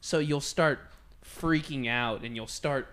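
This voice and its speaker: A young man from Texas, hosting a podcast and telling stories in a relaxed, rambling way. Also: medium pitch, takes it slowly. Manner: relaxed, rambling, fillers like "you know what I'm saying". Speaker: podcast host. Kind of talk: casual storytelling chat.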